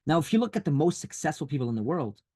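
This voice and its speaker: A husky, slightly high-pitched man speaks over a video call. He presses his points hard and comes back to the same warnings again and again, like a motivational speaker on a group webinar. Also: sing-song, fast talker, darkish tone. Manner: insistent and emphatic, repeats warnings. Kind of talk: urgent motivational talk.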